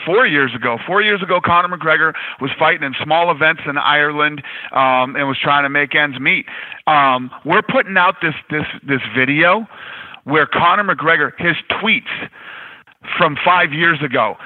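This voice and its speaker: A man's voice: a little high, normal speed. A man talking bluntly and motivationally as a podcast guest, swearing freely. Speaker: guest, fight promotion executive. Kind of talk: casual podcast conversation. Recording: tinny phone-line sound.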